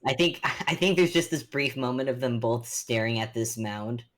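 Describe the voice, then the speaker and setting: A woman's voice: rumbling low, moderate pace. A woman playing a tabletop game, chatting and thinking aloud with amusement. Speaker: player. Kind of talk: casual tabletop play.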